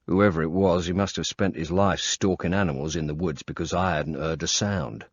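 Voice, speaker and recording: Deep gravelly male audiobook narrator. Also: steady tone, moderate pace, hardly any pauses, dry recording. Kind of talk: first-person thriller narration. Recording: dull lo-fi recording.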